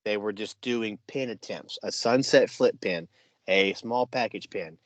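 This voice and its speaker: A man's voice: on the low side, unhurried, no echo. A man co-hosting a casual podcast, eagerly recounting a wrestling match blow by blow, with plenty of "you know" and "yeah.". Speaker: podcast co-host.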